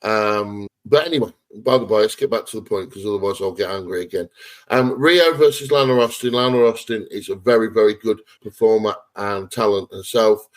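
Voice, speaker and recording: A man's voice: on the low side, fairly quick, rough recording. A man co-hosting a wrestling podcast, giving blunt, rambling opinions in casual chat. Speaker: podcast co-host.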